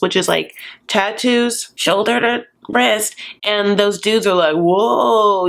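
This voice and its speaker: A woman with a fairly low voice gives a casual recap of a reality TV episode. She talks in a sassy, gossipy way and drops in campy asides. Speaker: YouTube recap host.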